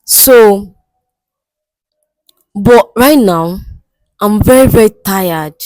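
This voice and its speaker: A woman's voice: mid-range voice, extremely slow, mellow, dry recording, low-quality recording. A woman acting a distraught young woman in a comedy skit, crying and pleading for help, repeating herself. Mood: troubled. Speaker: guest seeking help. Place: studio.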